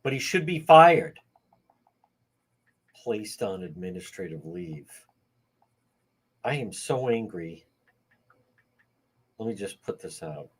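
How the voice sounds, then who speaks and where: A man's voice: low voice, big pitch swings, slow, long pauses, breathy edge. A man hosting a livestream, talking heatedly and indignantly to his viewers and greeting them by name. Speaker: livestream host.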